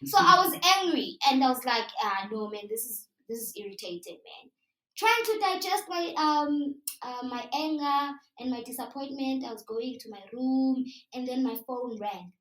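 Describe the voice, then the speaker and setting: A young South African woman with a South African accent telling a story live to an audience in an animated, chatty way, slipping into local words. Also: sits high, normal speed. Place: live event room. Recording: roomy sound from a distant mic.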